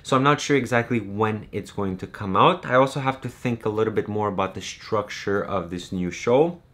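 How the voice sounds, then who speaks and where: A man's voice: on the low side, normal speed, fairly bright tone. A young man from Romania, a YouTube creator talking casually to his viewers in a chatty, rambling way with lots of fillers. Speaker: YouTube creator and game master. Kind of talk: casual vlog talk to viewers.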